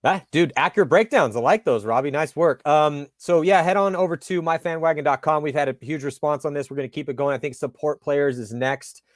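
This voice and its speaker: Man, interview host, casual and animated storyteller, dry close sound. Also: a little high, brisk, hardly any pauses, no room sound. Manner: animated storyteller acting out dialogue.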